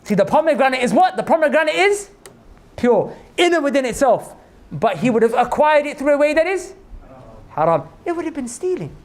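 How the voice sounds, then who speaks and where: A man preaching to an audience in a mosque hall, telling a story with lively delivery. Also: very high voice, brisk. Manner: animated storyteller, addresses audience as brothers. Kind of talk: storytelling sermon.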